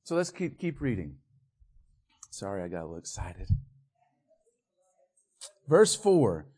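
A man preaching a sermon, building to loud, emphatic peaks and then dropping back to quiet verse-by-verse teaching. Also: lowish voice, big pitch swings, a little slow, pauses often, slightly rough. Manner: walks the congregation through scripture verse by verse.

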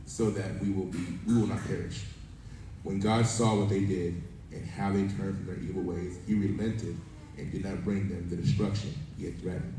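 A man's voice: deep voice, warm tone. A man preaching a sermon, telling a family story and reading scripture in a conversational way. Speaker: pastor. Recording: roomy echo from a distance, faint background noise.

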